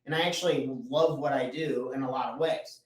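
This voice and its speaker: A man's voice: medium pitch, steady tone, brisk. A man giving a motivational talk as a business coach. He speaks casually and bluntly, swears a little, and repeats key points for emphasis. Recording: echoey room, mic at a distance.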